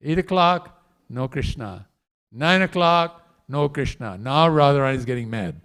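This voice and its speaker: A man preaching a storytelling sermon in a temple hall, acting out the characters with animated delivery. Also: mid-range voice, unhurried.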